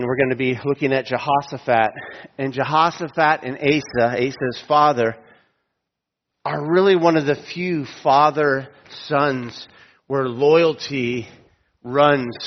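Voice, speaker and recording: A man preaching a sermon in an auditorium, telling a story with humorous asides and slowing down for emphasis. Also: mid-range voice. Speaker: pastor. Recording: dull lo-fi sound with long hall reverb.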